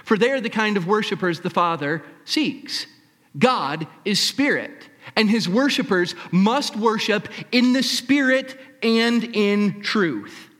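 A preacher voicing a calm, knowing male prophet with steady, measured declarations. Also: high-pitched, in a large hall, voice pushed up, exaggerated voice. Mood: solemn. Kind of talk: preacher acting out a scripture scene.

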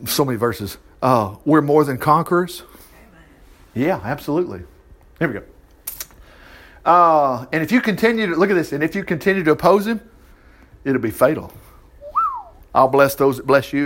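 Male pastor, lively storyteller, high and very expressive delivery. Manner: animated storytelling with asides and laughter. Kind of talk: sermon, reading and retelling scripture.

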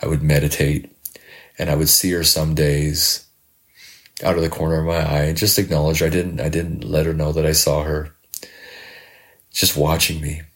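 A middle-aged podcast host and life coach delivers a reflective, heartfelt monologue that halts often and repeats words. His bass voice stays flat throughout.

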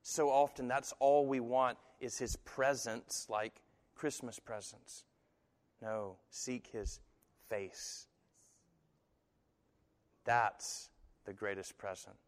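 A man preaching a sermon who tells stories in an animated way and slips into other people's voices when he quotes them. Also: mid-range voice, slow pace, long pauses, big-room sound. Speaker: pastor.

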